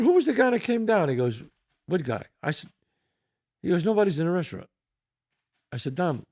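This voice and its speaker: An older man with a thick New York accent tells a story on his podcast, rambling and animated, cursing here and there. His voice is gravelly and sits a bit high for a man. The sound is dry and close. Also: no echo. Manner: rambling, animated, swears freely. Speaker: podcast host. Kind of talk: casual storytelling.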